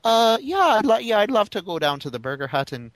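A man's voice: high-pitched, very animated, quick pace, dry recording, voice pushed up. A man putting on an exaggerated, sing-song mock-Irish accent for a joke. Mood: jokey. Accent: put-on Irish.

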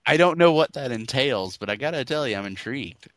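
A man's voice: mid-range voice, animated, a little fast, no room sound. A man hosting a podcast in casual comedic chat, sarcastic and laughing often as he riffs. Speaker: podcast host.

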